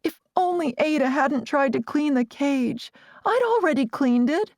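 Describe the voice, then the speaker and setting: A woman's voice: animated, measured pace, darkish tone, dry recording, clean studio sound. A woman voicing Cherish, upset and pleading. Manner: upset, pleading, raised in pitch. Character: headstrong young Amish woman grieving her lost bird.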